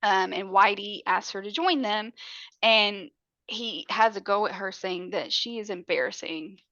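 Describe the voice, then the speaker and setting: Bright-voiced woman recapping a film, profane. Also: mid-range voice, measured pace, no room sound, highs cut off. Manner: profane, chatty storytelling. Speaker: podcast co-host. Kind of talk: casual true-crime movie recap.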